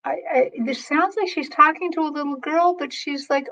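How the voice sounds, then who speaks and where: A woman psychic medium giving a reading on a live stream, relaying messages in a gentle, halting way. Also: sits high, lo-fi sound.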